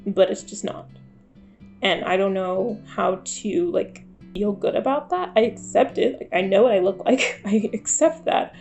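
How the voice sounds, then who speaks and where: Girl in her 20s vlogging, confessional and kinda wry about herself, soft guitar music behind. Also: mid-range voice, a little slow. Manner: confessional, self-deprecating, wry. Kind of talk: candid talking-to-camera vlog.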